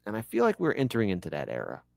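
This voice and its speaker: A man hosting a show, commenting on news clips in a casual, animated way, with joking asides and repeated words when he gets worked up. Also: fairly low pitch, rapid-fire, creaky, no room sound, studio quality.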